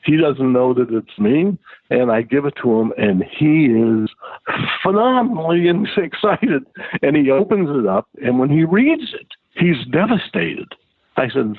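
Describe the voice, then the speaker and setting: A man tells a casual anecdote as a guest, lively and acting out the people he quotes with big pitch jumps. He speaks at a normal speed, and the sound is tinny and phone-like with no room sound.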